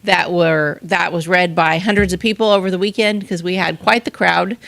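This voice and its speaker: A woman's voice: lowish voice, fairly even intonation, moderate pace, vocal fry, fairly bright tone. A woman co-hosting a podcast, chatting casually and telling meandering stories. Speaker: podcast co-host. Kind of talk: casual chat.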